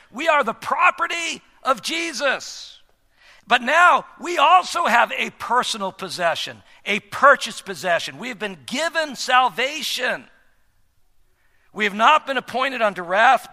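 A man preaching a sermon as pastor, emphatic, with wide swings between loud declarations and quiet, dropped phrases. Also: sits high. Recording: long hall reverb.

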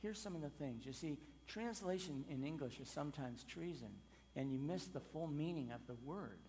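A male pastor delivering a sermon in a church. His fairly high voice is emphatic, surging on key words and then sinking low and quiet. A long reverb from the large hall trails after every phrase. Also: moderate pace, a little hiss or hum. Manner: emphatic, swinging between loud stresses and quiet drops.

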